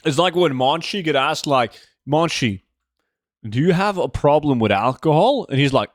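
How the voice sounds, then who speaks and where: Through a desk microphone, a man's slightly high, expressive voice comes across clean and studio-quality with no room sound. Speaking at a moderate pace, he plays a game on stream, rambling and joking with viewers and reading their chat out loud.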